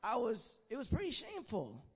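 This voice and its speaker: Young male preacher, very high voice, earnest testimony style, dull recording in a reverberant hall. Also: huge pitch swings, a little fast, husky. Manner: earnest, conversational, many "you know" asides. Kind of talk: sermon with personal testimony. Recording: dull, muffled sound with long hall reverb.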